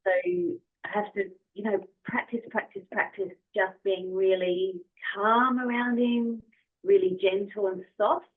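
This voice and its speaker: A woman with an Australian accent appears as a podcast guest on a phone-like remote call, chatting about her dog in a casual interview. Her voice is medium-pitched and steady, with a measured pace, and she comes across as friendly, enthusiastic and soft-spoken.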